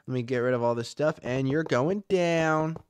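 A man playing himself in a Minecraft roleplay video, excitable and quick to exclaim. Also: medium pitch, smooth, no room sound, studio quality.

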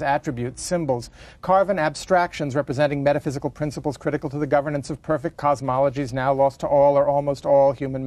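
A man's voice: medium pitch, darkish tone, natural voice. A man reading aloud as a chatty middle-aged British housewife, in his own voice, in ornate run-on sentences that keep breaking off to apologize. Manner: ornate run-on monologue with self-interruptions.

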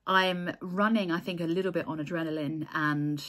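A woman in casual chat to camera, talking about her crochet work in a heartfelt, chatty way, with restarts and soft laughs; she says she is tired. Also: on the low side, fairly even intonation, moderate pace, hardly any pauses. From England. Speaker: crochet designer and vlogger.

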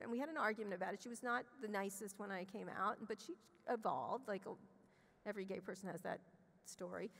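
On a conference stage, a middle-aged woman is interviewed and tells a candid personal story. Her medium-pitched voice is a bit bright with vocal fry. She's blunt and profane, restarting sentences as she rushes ahead, and long hall reverb colors the recording.

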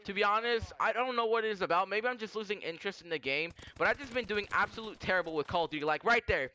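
A young man giving rambling, excitable live commentary over his gameplay, often stopping to correct himself. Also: sits high, quick pace, slight background noise. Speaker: gaming commentator.

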